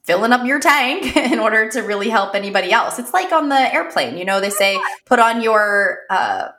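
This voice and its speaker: Lively laughing woman telling stories. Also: fairly high pitch, moderate pace, roomy sound, a little hiss or hum. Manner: animated storytelling, laughs often. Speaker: podcast co-host. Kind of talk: casual chat.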